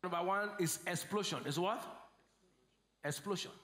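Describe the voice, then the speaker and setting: A man with a Nigerian accent preaching a sermon as pastor, calling out questions to the congregation and swinging between shouts and low asides. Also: normal speed. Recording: echoey church hall.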